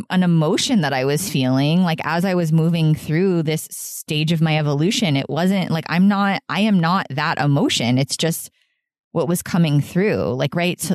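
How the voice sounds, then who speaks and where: A woman's voice: low-pitched, darkish tone, dry recording, studio quality. A woman hosting a solo podcast, talking in an earnest, rambling way, often laughing and saying "like". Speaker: podcast host.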